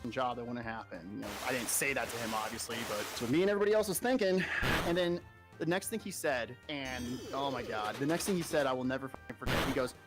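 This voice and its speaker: A young man streams and talks casually about his army days, growing heated and sarcastic and swearing freely. His pitch sits in a middle range, and clear music plays steadily beneath his voice. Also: lively intonation, quick pace. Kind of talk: casual chat, telling a story while gaming.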